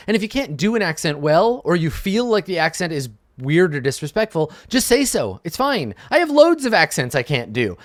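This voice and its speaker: A middle-aged man talks frankly into a dry, close mic. His voice sits a little high for a man and swings widely in pitch as he stresses his points. He swears casually and keeps checking in with a quick "right?". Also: a bit bright, no echo. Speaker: game master and show host. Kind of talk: advice monologue.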